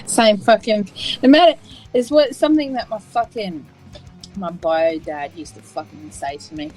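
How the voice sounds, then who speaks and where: An Australian woman co-hosting a podcast in brash, loud casual chat, swearing constantly. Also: mid-range voice, normal speed, soft background music, low-quality recording. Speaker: podcast co-host.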